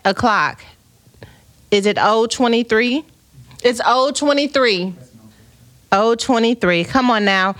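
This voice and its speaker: An American woman hosts a live podcast in a bright, fairly high voice, bantering with viewers and reading their comments aloud. She moves easily between playful chat and reflective, faith-minded talk. The sound is dry and close, with almost no room. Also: no echo. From United States. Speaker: podcast host. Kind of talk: casual livestream chat with viewers. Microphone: streaming camera setup.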